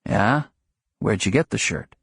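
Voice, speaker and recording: A man narrating plays a wisecracking middle-aged husband who grumbles in mock gruffness. His voice is mid-pitched and a touch husky, recorded dry and close. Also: expressive, measured pace, fairly bright tone, no room sound, heavily acted. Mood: mock-gruff. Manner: sardonic, mock-gruff banter. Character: wry joking middle-aged shop clerk husband. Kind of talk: audiobook character reading.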